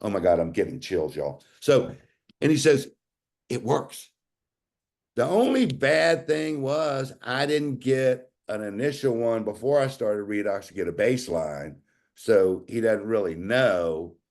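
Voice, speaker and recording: A man's voice: lowish voice, a little slow. Folksy man telling a story. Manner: folksy, animated storyteller who acts out quoted dialogue. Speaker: guest sharing a testimonial. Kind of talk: casual storytelling. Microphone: video call.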